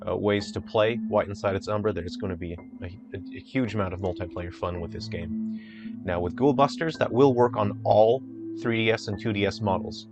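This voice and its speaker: Low-voiced, earnest male game developer. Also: muffled recording, music in the background. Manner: earnest, unhurried, plain-spoken. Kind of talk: casual video update.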